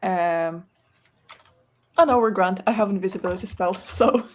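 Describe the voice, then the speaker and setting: A woman's voice: mid-range voice, normal speed. A woman playing her character in a tabletop game, chatty and giggly. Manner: chatty, giggly, lots of fillers. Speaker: player. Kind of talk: casual tabletop play.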